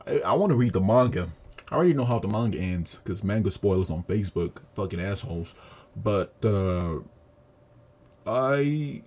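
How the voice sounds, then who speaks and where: A man giving a casual, profane, animated review of a movie he just saw. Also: low-pitched, husky. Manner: profane, animated retelling with acted quotes. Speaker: video reviewer. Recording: audio static.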